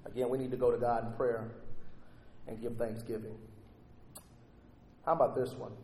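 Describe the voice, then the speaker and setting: A man's voice: medium pitch, level tone, moderate pace, a little mellow. A man preaching a sermon and reading scripture aloud, rising with fervor on quoted prayers. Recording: echoey hall with faint ambience.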